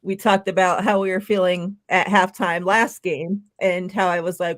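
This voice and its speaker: Relaxed woman in sports chat. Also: lowish voice, normal speed, few pauses. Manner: relaxed, conversational, with frequent "you know". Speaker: podcast co-host. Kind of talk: casual sports podcast chat.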